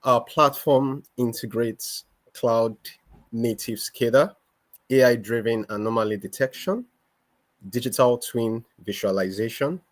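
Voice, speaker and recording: Founder guy practicing his pitch, average pitch, kinda hesitant, lots of ums. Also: measured pace. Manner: hesitant, with many fillers.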